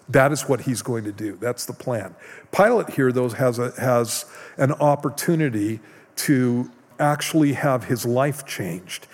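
A man's voice: mid-range voice, darkish tone. Male pastor, earnest sermon delivery, mid voice, church hall reverb. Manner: slow, earnest preaching with restarts.

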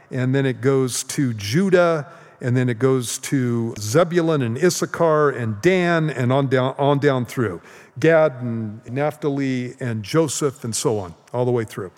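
A man's voice: mid-range voice, darkish tone. A male pastor teaching the Bible in a casual, conversational way, often checking in with "okay?" as he goes. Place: church sanctuary. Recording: long hall reverb.

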